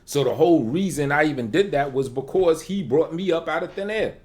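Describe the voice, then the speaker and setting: A man hosting his channel, answering a clip in relaxed, conversational and dismissive commentary. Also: a little high, a little fast. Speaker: channel host replying to a clip. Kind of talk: casual reaction commentary.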